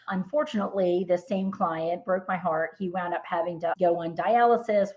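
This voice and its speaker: A woman's voice: lowish voice, a little mellow, muffled recording. A middle-aged woman, a financial planner, telling client stories earnestly as a podcast guest. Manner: earnest storytelling. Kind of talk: podcast interview.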